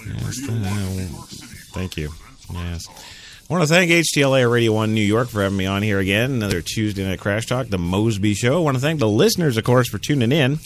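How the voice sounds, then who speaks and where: Blunt, lively talk radio man. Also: lowish voice, fairly quick, faint music behind. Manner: blunt, sardonic, argues with imagined listeners. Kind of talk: opinionated solo talk radio monologue.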